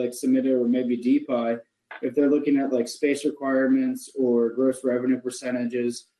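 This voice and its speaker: A man's voice: medium pitch, warm tone, roomy sound, low-quality recording. A man on a planning board raising questions in a casual, hesitant way, full of likes and restarts. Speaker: board commissioner. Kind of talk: meeting discussion. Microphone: virtual call.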